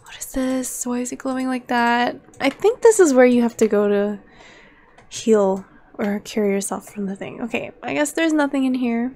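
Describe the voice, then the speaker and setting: A young woman casually commenting on her life-simulation gameplay, excitable and quick to gasp and laugh at what happens on screen. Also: a little high. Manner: excitable, gasping and laughing at the game. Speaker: let's play gamer.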